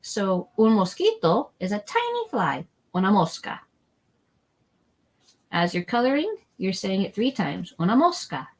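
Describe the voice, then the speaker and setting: A woman teaching a live online lesson for families, chatty, repeating each word slowly for learners. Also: medium pitch, big pitch swings, rough recording. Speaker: Spanish teacher. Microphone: document camera setup, desk mic.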